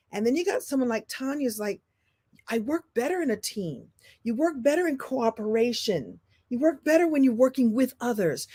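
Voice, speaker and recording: A woman giving an animated live-stream coaching talk, repeating phrases for emphasis and swinging from loud and high to soft and low. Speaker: speaker and business coach.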